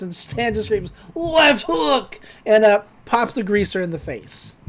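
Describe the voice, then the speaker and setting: A man co-hosting a podcast, casually recapping a cartoon episode and retelling scenes with a lot of energy. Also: high-pitched. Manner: animated retelling, quotes characters in put-on voices, laughs often. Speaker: podcast co-host.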